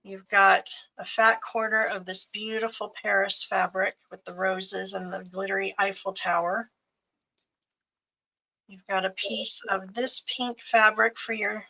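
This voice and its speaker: Female co-host of a live craft sale: unhurried, bright tone, fondly itemizing each bundle. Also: medium pitch, gravelly, poor audio. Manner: gentle, fond, lists items piece by piece. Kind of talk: live sales show, describing fabric bundles.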